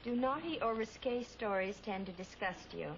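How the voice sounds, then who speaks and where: A woman's voice: a little high, animated, moderate pace. An actor playing a polite, methodical woman who interviews applicants at a dating agency. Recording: dull old TV soundtrack, hiss.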